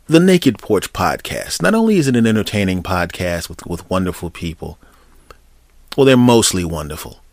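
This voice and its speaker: Low-voiced joking podcast host. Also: male voice, very animated, moderate pace, no echo. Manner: joking, mock-threatening, rambling. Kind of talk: comedic solo podcast monologue.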